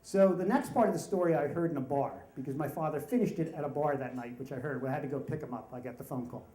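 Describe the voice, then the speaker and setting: A man's voice: on the high side, fast. Wry male storyteller in a roomy hall. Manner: wry, animated storytelling with voiced quotes. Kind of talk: live story slam telling. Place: stage in a room with an audience.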